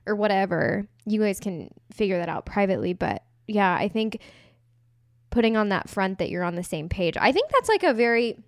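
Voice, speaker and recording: A woman's voice: medium pitch, very animated, moderate pace, no room sound. A woman with a mid-range voice gives friendly relationship advice in loose, chatty speech with plenty of fillers. Her voice is recorded dry and close to the mic. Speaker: podcast co-host. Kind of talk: casual chat.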